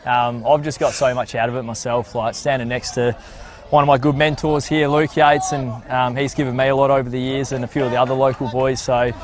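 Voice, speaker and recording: A man's voice: mid-range voice, little pitch movement, brisk. A young Australian man speaks as a guest on the commentary mic at an outdoor football ground. He talks in a casual, hesitant way, with a mid-range voice and frequent fillers. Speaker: guest, community health educator. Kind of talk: on-air chat as a guest.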